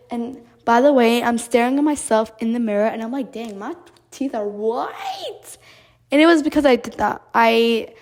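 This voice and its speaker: A woman's voice: on the high side, a little mellow. A young woman hosting a podcast, chatting casually and rambling, with many fillers and restarts, talking straight to her listeners. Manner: talks directly to listeners as guys. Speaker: podcast host. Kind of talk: casual chat.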